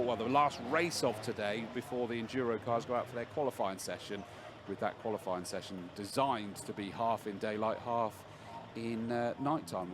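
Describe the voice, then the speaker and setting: A man's voice: mid-range voice, noisy background. Bristolian man co-commentating at a racetrack. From southwest England. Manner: chatty, recalls drivers' history, asks his partner questions. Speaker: motorsport co-commentator. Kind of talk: live race commentary.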